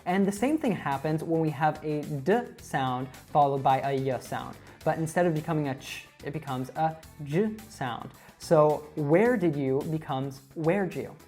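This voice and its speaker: A woman presenting an online English lesson, explaining clearly and speaking directly to viewers. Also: low voice, moderate pace, few pauses, darkish tone, soft background music. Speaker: English teacher.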